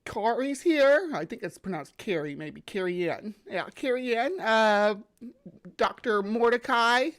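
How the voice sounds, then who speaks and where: A woman hosting a live stream in a bubbly, rambling, chatty way, her voice slightly hoarse from sinus drainage. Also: a little high. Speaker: livestream host. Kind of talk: casual live-stream chat. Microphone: webcam setup.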